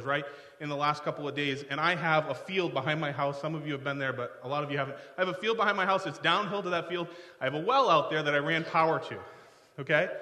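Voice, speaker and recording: A male pastor with a fairly high, bright, forceful voice, preaching in a loose, chatty way full of asides. His words echo around a large hall with long reverb. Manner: conversational, digressive, self-deprecating asides. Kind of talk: sermon.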